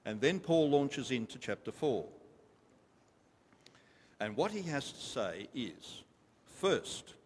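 A man's voice: medium pitch, very animated, slow, long pauses, slight background noise. A man preaching a sermon to a congregation, emphatic and repetitive, stopping to ask them questions. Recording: long reverb of a large hall.

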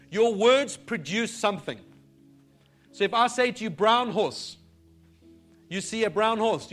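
Male pastor, high voice, fervent sermon delivery, faint music underneath. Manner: fervent, building declarations to shouts. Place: church service.

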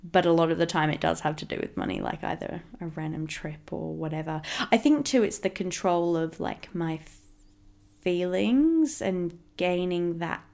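Chatty laughing woman with gravelly fry. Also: lowish voice, normal speed, a little mellow. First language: English. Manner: chatty, laughs often, rambling. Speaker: podcast co-host. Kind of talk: casual couple's podcast chat.

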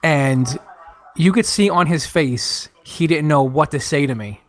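A man telling a long funny story in casual chat, animated and quick to raise his pitch when he quotes people.

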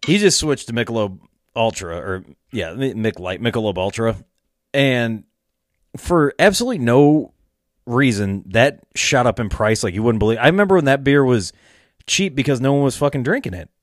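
A man's voice: medium pitch, expressive, moderate pace, no echo, studio quality. A man telling rambling stories in casual chat, laughing and swearing often.

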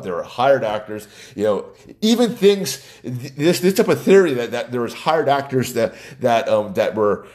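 A man's voice: mid-range voice, dark tone. A man hosting his own podcast, talking in a rambling, opinionated way with frequent chuckles and restarts. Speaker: podcast host. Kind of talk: casual solo podcast monologue.

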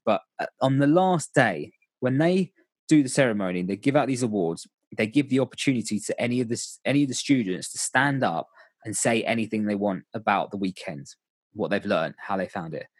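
Husky man telling stories. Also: medium pitch, no echo. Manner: candid, rambling, restarts sentences. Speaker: volunteer youth coach. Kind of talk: casual storytelling chat.

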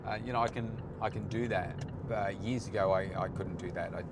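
A man who hosts a podcast, chatting casually while he drives, in a relaxed, rambling way with lots of fillers. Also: low voice, a little fast. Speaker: podcast host and coach. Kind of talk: casual vlog monologue while driving. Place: in a car, driving on city roads. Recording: loud road and engine noise.

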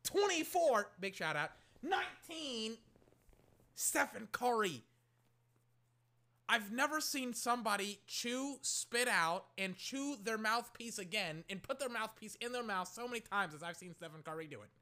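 A man from Oakland, California, casually calling a basketball game he is watching, rambling with lots of "like" and breaking into excited shouts. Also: high-pitched, normal speed. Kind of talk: casual play-by-play while watching.

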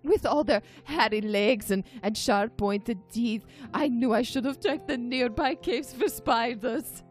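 A woman's voice: a little high, unhurried, soft background music, pitched above the performer's own voice, lightly acted. Woman playing a stammering, flustered young warrior. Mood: frightened. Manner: stammering, pleading.

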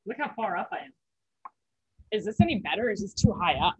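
A woman's voice: mid-range voice, quick pace, slight background noise, low-quality recording. Chatty self-mocking nineteen-year-old woman. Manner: chatty, self-mocking, exaggerated deadpan bragging. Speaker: comedy club host. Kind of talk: casual chat and stand-up set. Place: at home on a video call. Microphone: laptop mic on a video call.

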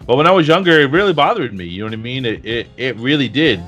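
Middle-aged man, reflective and halting. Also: medium pitch, expressive, fairly bright tone, muffled recording. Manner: reflective, halting with restarts and fillers. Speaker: podcast co-host. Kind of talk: casual chat.

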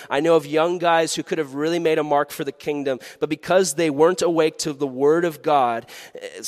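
A man giving a youth sermon in a lively, animated way, acting out quoted voices. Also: fairly high pitch. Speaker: youth pastor. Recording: long hall reverb.

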